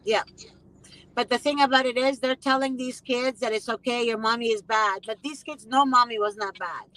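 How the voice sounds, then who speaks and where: A woman's voice: on the high side, fairly even intonation, moderate pace, sharp tone, no echo, poor audio. A woman hosting a casual conversation, talking emphatically and passionately and often repeating herself for weight. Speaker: host; mother.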